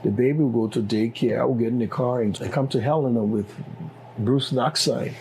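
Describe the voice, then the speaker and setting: Liberian guy retelling his story, gravelly voice, bit of hiss behind. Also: mid-range voice, a little fast, rough recording. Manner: animated retelling, acting out dialogue. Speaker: interview guest. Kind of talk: personal storytelling.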